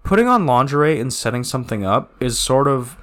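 Male podcast co-host with a lively, swooping delivery, casual and profane. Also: mid-range voice, brisk. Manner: animated, with cartoonish sound effects and cursing. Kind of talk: casual chat.

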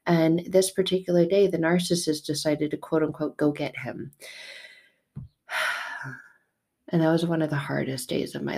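A woman telling an emotional personal story, raw and tearful at times, swinging from hushed to loud. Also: low-pitched, vocal fry, husky.

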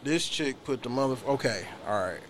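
A man's voice: medium pitch, animated, moderate pace, over a noisy crowd. A young man co-hosting a podcast, telling a boastful story with joking banter. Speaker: podcast co-host. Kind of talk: casual explicit chat.

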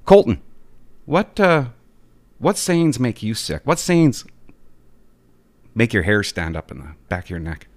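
Man, vlogger, casual rant, exasperated, animated, dry close sound. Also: mid-range voice, measured pace, pauses often, no echo. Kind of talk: casual ranting monologue.

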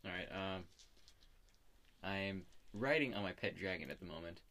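A man's voice: low-pitched, expressive, moderate pace, sharp tone. A man playing a character in a tabletop role-playing game, easygoing and polite. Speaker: player. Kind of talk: casual tabletop role-play.

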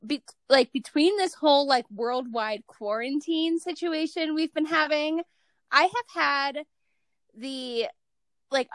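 Woman, 30s, high and bright-toned, chatty host, dry close mic. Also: no echo. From East Coast / Midwest United States. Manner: chatty, says "like" often, laughs easily. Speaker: podcast host. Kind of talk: casual chat.

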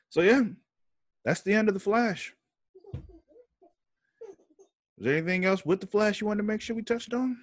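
A man's voice: high-pitched, a little slow, pauses often, no room sound. A man co-hosting a podcast in casual chat, laid-back and agreeable, swearing freely. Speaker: podcast co-host.

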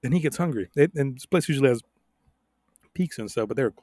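A young adult man tells rambling stories on a casual podcast. He swears freely, laughs often and gets loud and animated. His middle-pitched voice is recorded close up on a dry mic. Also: fast talker, no echo. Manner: profane, animated storytelling with laughs. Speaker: podcast co-host.

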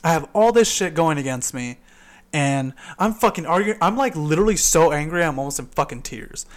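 Young guy ranting through a work story, cusses a lot, kinda higher voice. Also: lively intonation, a little fast. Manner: profane, heated retelling with loud quoted outbursts. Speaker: podcast host. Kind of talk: casual chat, storytelling. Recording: poor laptop recording.

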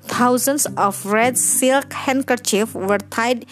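A woman reading a children's story aloud at a slow, unhurried pace. Her voice sits on the higher side, and she delivers the story gently and expressively. Soft music plays faintly beneath her.

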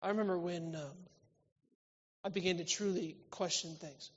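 A man preaching a church sermon, swinging between loud, emphatic lines and quiet, intimate ones. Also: high voice, steady tone, normal speed. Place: church hall. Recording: reverberant hall, slightly dull sound.

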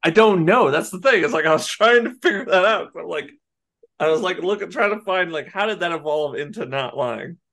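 A man co-hosting a podcast in casual chat, rambling and animated, swearing and laughing often. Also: fairly high pitch, fairly quick, gravelly. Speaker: podcast co-host.

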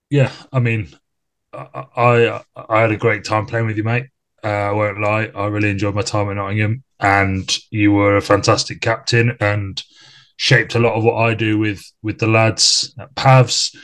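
Low-voiced friendly podcast host. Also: male voice, fairly bright tone. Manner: friendly, joking, self-deprecating. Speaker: podcast host, former teammate. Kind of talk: casual chat.

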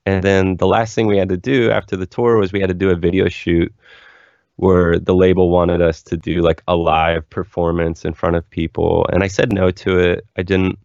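A man's voice: sits low, little pitch movement, moderate pace, vocal fry, a little mellow, no echo, dull audio. A young man, a musician guest, telling stories in a candid, rambling way full of "like" fillers. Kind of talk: casual interview storytelling.

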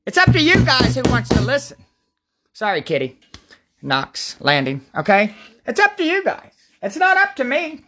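A woman leading prayer and Bible talk at home on a livestream, excitable and rambling, repeating herself and bursting out loud. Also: fairly high pitch, moderate pace, over loud music. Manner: repetitive, excitable, rambling, prone to outbursts. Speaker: self-styled preacher leading prayer and Bible study.

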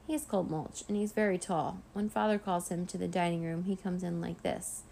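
A woman's voice: lowish voice, steady tone, brisk, vocal fry, mellow, slight background noise. A woman voicing a young boy vampire in a storybook read-aloud, awkward and stammering as he tries to fit in. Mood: nervous. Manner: hesitant, stammering.

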